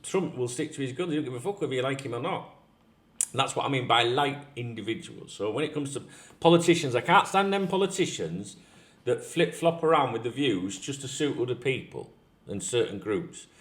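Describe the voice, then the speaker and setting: A man's voice: medium pitch, lively intonation, brisk, fairly bright tone. A man hosting a football channel, talking in a casual rant with frequent restarts and swearing.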